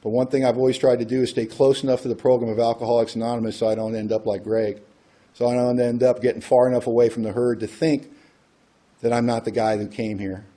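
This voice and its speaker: A man with a dark, mellow voice talks to a recovery group in a relaxed, conversational way. He tells a personal story and slips into the voices of the people in it. His pitch sits in an ordinary middle range. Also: quick pace. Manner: conversational, acts out quoted dialogue. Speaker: AA workshop speaker.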